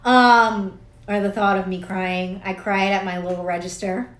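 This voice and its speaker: A woman's voice: mid-range voice, animated, normal speed, fairly bright tone, a little hiss or hum. A woman coach in her thirties talks to camera in a loose, rambling monologue. She is blunt and swears freely, and she often laughs at herself. Her voice sits mid-range and rings in a roomy, echoey space. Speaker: spiritual coach. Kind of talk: casual direct-to-camera monologue. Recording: echoey room.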